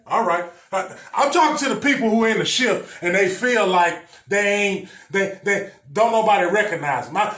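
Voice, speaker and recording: A man's voice: sits high, a bit bright. A male preacher teaching a sermon. He talks emphatically, repeats his phrases and addresses the congregation directly. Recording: echoey room, mic at a distance.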